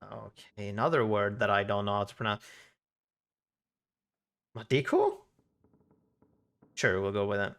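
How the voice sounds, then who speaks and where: A man's voice: fairly low pitch, unhurried, gravelly, pauses often, fairly bright tone. A man streaming a game, casual commentary with cursing and joking asides. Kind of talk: casual let's play commentary.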